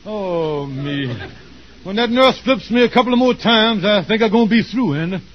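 Kingfish, high-voiced groaning schemer. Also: male voice, animated, moderate pace. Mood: wailing. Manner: melodramatic groaning, fake sick. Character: scheming smooth-talking male con man. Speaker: lead comic character. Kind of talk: 1940s radio acting. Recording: muffled old radio recording, faint hiss.

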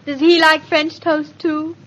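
A lively young wife from a vintage radio comedy, her voice high and bright as she chatters and teases. She rattles off her lines with girlish banter. The recording is muffled and lo-fi, like an old broadcast disc. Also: unhurried. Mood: suspicious. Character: lively, suspicious young wife, quick-witted. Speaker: radio drama actress. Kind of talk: 1940s radio acting. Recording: dull lo-fi vintage radio transcription.

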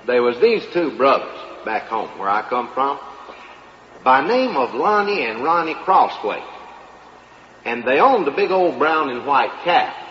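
A man's voice: medium pitch, a little hiss or hum. A man delivering a folksy comic monologue in a drawling storyteller's manner. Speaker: comedian. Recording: live hall, dull, audience. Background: audience laughter.

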